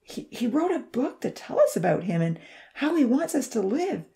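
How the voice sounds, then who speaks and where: Woman doing gentle pleading boy, soft and higher, storybook. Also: very animated, moderate pace, gravelly. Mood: earnest. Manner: pleading, earnest.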